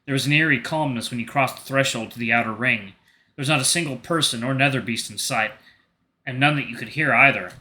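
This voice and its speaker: A man's voice: mid-range voice, a little fast. A man hosting a gaming channel, reading a story game's narration aloud and commenting casually. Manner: casual reactions between steady narration.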